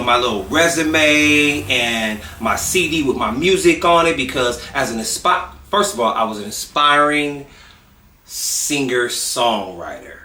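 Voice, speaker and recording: A show host telling a story in an animated vlog style and acting it out. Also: medium pitch. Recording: roomy echo, distant mic, music behind.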